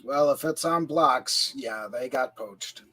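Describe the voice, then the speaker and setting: A man's voice: mid-range voice, slow pace, pushed and bright. A man co-hosting a casual podcast, chiming in with dry joking one-liners. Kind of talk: casual chat.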